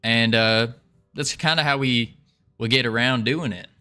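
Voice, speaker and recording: A man's voice: medium pitch, a little slow, bright, forceful tone, soft background music. A man streaming his game development, chatting casually with a playful, rambling manner and often repeating his own phrases. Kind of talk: casual livestream chat.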